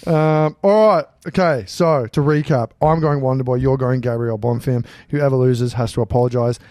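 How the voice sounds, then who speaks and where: A man's voice: mid-range voice, steady tone, normal speed, warm tone, no room sound, clean studio sound. An Australian man co-hosting a podcast, chatting casually in a teasing way, swearing and laughing often. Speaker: podcast co-host. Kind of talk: casual chat. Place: small studio.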